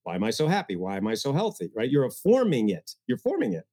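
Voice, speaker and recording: A man speaking as a guest coach in an interview, energetic and getting worked up, with mocking asides. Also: medium pitch, quick pace. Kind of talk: animated interview talk.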